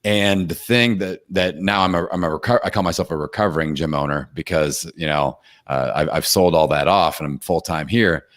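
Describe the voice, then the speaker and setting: A man hosting a podcast interview, talking in a relaxed, affirming and conversational way. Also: deep voice, moderate pace, few pauses. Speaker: podcast host. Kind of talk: casual interview chat.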